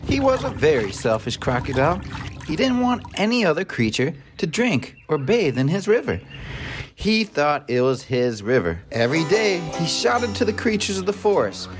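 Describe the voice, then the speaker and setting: A man reading a children's storybook aloud with a very animated, sing-song delivery. His voice sits a little high and rises and falls widely. Soft music plays underneath. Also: a little slow. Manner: lively and animated, voicing many animals. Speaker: storybook narrator. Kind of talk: expressive read-aloud for children.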